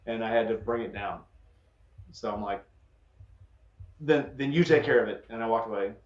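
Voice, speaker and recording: A man's voice: on the low side, normal speed. A man telling blunt, casually profane stories in a group video chat. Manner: blunt storyteller, swears casually. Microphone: video call. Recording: roomy, dull video-call audio.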